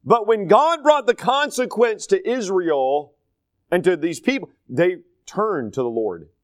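Folksy preacher, talks on a higher pitch. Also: male voice, animated, a little slow, no echo. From North Carolina, US. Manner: conversational, digressive storytelling. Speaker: pastor. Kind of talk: sermon, Bible study teaching.

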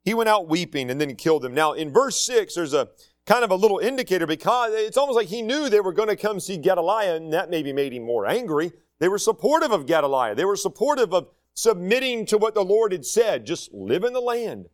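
A man's voice: high voice, very animated, a little fast. A man preaching an expository sermon in a conversational way, with folksy asides and frequent restarts. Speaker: pastor.

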